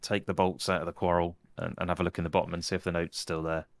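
A man playing a tabletop role-playing game, relaxed and wry, sometimes speaking in character. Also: deep voice, quick pace, gravelly, dry recording. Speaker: player. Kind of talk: tabletop role-play, casual.

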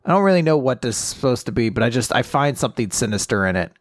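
A podcast co-host chats casually about manga, animatedly retelling events with quick acted-out quotes and bursts of laughter. His voice is medium-pitched, captured in a dry, clean studio recording.

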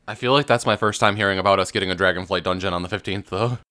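Low, smooth man musing casually. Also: racing, pushed and bright. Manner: filler-heavy, musing. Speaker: podcast co-host. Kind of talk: casual gaming chat.

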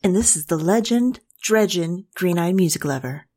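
A woman co-hosting a casual podcast, playful and quick with jokes. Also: lowish voice, expressive, a little mellow. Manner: playful, quick to quip and tease. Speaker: podcast co-host.

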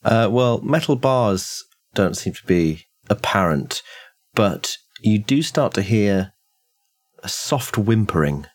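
A man running a tabletop horror game, describing scenes in a relaxed way with fillers. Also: on the low side, slow pace. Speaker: game master.

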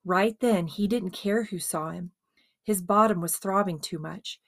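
Woman reading a story out loud, expressive, dry close mic. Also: mid-range voice, a little slow, dry recording. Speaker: narrator. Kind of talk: dramatized audiobook narration.

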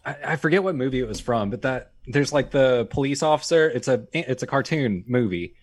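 A man's voice: medium pitch, animated, a little fast. A young man in casual podcast chat, searching for words and swearing freely.

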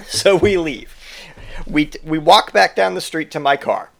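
Animated young man telling a story. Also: a little high, unhurried, vocal fry, pauses often. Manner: animated, acts out drunk friend's lines. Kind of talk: casual personal storytelling.

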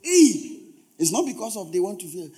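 High-voiced pastor preaching emphatically. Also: male voice, very animated, a little slow, mellow, slightly rough. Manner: emphatic, repeats phrases for stress; humorous asides to the congregation. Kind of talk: sermon.

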